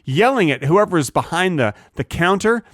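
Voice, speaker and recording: A man's voice: sits high, lively intonation, moderate pace, fairly bright tone, dry recording, studio quality. A man co-hosting a casual comedy podcast over a video call, spinning absurd jokes with mock-serious confidence. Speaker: podcast co-host.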